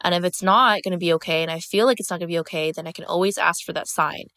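A young woman podcast host talking straight into a close microphone, candid and emphatic, full of fillers and the odd curse. Her voice sits a little low for a woman. The sound is dry, with no room around it. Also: quick pace, sharp tone, dry recording. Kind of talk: casual storytelling monologue.

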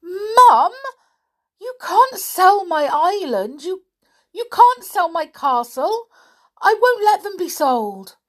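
A woman voicing a passionate, fierce young tomboy girl who talks in a shrill, pleading way, near tears. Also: big pitch swings, slow, a bit bright, full character voice. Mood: distraught.

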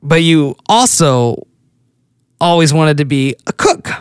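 A man talks alone as host of his show, musing in a loose, rambling way. He often restarts his sentences and pokes fun at himself. His voice sits a bit high, and the recording is dry and close. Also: expressive, slow, clean tone, no echo. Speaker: podcast host. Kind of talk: casual solo monologue.

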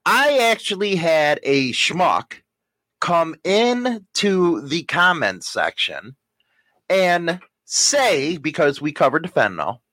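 A man's voice: on the high side, big pitch swings, takes it slowly, bright, forceful tone, dry recording. A man co-hosting a casual podcast with his wife, ranting and teasing with plenty of profanity. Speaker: podcast co-host. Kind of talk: casual banter.

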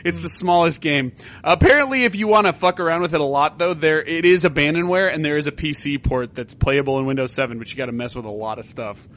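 A man's voice: fairly high pitch, quick pace, fairly bright tone. A man co-hosting a casual gaming podcast, rambling through tangents and swearing now and then. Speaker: podcast co-host.

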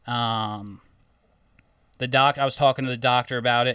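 Bright-voiced swearing storyteller man. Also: mid-range voice, moderate pace, pauses often, clear, resonant tone, no echo, distant mic. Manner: animated storytelling, heavy swearing, quotes himself and others. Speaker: home care therapist. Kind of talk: casual podcast chat.

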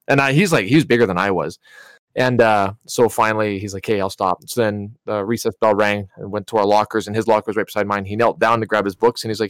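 Low-voiced guy telling stories on a podcast, does all the voices, dry close sound. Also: fast talker, no echo. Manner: animated storyteller, acts out quoted voices. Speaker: podcast co-host. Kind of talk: casual chat.

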